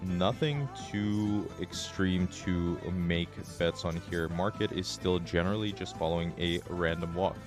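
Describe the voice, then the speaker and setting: A man with a raspy voice, chatting casually as a trading streamer, relaxed and swearing now and then. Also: sits low, a little slow, few pauses, music in the background. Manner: relaxed, swears, laughs often. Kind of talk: casual live-stream chat.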